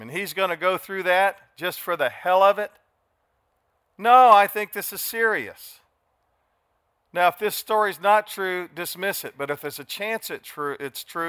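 An older man preaching a dramatic sermon, swinging from quiet asides to sudden shouts. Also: high voice, smooth, no room sound, studio quality. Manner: dramatic, shifts from soft to shouting. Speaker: pastor.

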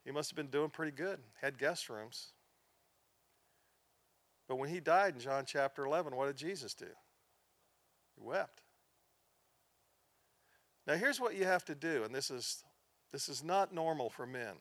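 A man's voice: fairly high pitch, animated, unhurried, pauses often, fairly bright tone, no room sound. A middle-aged male pastor teaching a class, who tells stories earnestly, sinks to a near-whisper at sad points and rises for emphasis. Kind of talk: sermon-style teaching.

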